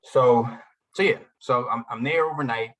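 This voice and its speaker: A man's voice: mid-range voice, normal speed, a bit bright. A man in his forties, a guest telling his story casually, rambling with "like" and "you know".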